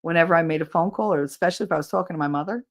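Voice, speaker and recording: Brief: woman host with a New Jersey accent, a low-pitched voice, loose casual chat that gets animated and exasperated, with swearing. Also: rapid-fire. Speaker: podcast host reading live chat.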